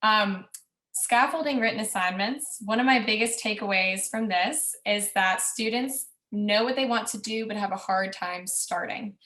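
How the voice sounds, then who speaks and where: A woman teacher reflecting on a class project in a casual way, with many ums and quick bursts of speech. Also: mid-range voice, bright, forceful tone. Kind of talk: reflective presentation. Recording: echoey room.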